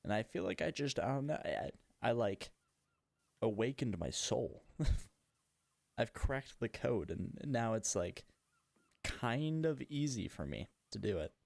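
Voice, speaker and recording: A man's voice: mid-range voice, big pitch swings, slow pace, vocal fry, darkish tone, no room sound. A man hosting a casual gaming podcast, chatting in a rambling, self-mocking way while he plays. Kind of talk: casual chat while playing a game.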